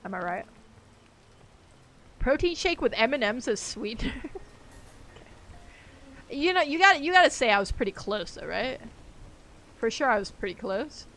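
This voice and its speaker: A woman's voice: sits high, expressive, moderate pace, pauses often, a bit bright. A woman streaming a game, chatting casually and rambling, laughing easily as she plays. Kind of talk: casual gaming livestream chat.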